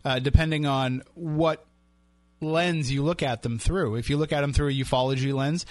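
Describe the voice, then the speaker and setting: A man hosting a paranormal radio show, leading the interview at a measured pace with occasional fillers. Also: a little high, darkish tone, no echo. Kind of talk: podcast interview.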